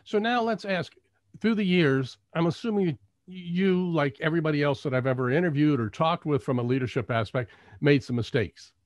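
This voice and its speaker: A man's voice: a little high, normal speed, no room sound, dull audio. Guy hosting an interview, chatty, affirming, dry close sound. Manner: affirming, storytelling, asks open questions. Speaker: interview host. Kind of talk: conversational interview.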